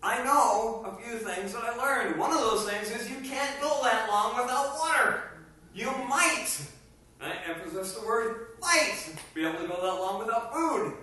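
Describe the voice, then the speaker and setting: Animated preacher in a distant echoey hall. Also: male voice, extremely high pitch, moderate pace. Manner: animated, rising to emphatic bursts. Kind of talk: sermon. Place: meeting hall. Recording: echoey room from far off with faint noise.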